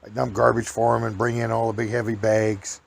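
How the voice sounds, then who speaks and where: A man with a gravelly, creaky voice tells a rambling, folksy anecdote. He chuckles often and drifts from one tale to the next in a loose, homespun way. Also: on the low side, level tone, fairly quick. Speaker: podcast host and storyteller.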